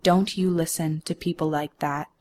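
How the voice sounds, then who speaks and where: A woman voicing a sympathetic older female shopper who gently reassures a cashier, in a spoken story. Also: sits low, steady tone, normal speed. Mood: kind.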